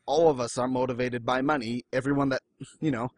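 Over a loud crowd, a man co-hosting a podcast chats about manga a little fast and with animation. Whenever he quotes someone, he breaks into an exaggerated high voice.

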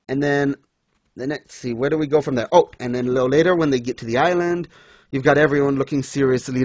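A man's voice: medium pitch, a little mellow, no room sound. A young man in casual chat, ranting in exasperation about a comic and mocking scenes in put-on voices. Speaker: podcast co-host reviewing manga.

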